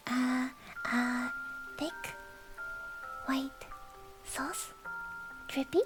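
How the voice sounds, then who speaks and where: A high-voiced woman whispers slowly and playfully in a conversational ASMR stream, giggling and teasing as she goes. Soft tinkling music plays clearly behind her. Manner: drifts between soft whispers and short voiced bits. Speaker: VTuber streamer.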